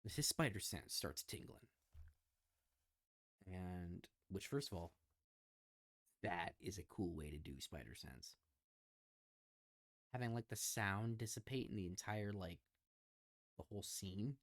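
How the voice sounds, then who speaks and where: A man's voice: low voice, lively intonation, unhurried, pauses often, dry recording, clean studio sound. A man co-hosting a podcast, chatting casually about a movie and retelling its scenes, often slipping into the characters' lines. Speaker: podcast co-host. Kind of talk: casual film discussion.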